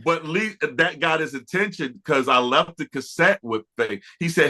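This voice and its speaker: Bright-voiced man telling stories. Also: medium pitch, brisk, hardly any pauses. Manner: animated, laughing storyteller with many restarts. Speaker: R&B producer, interview guest. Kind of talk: storytelling in a casual interview.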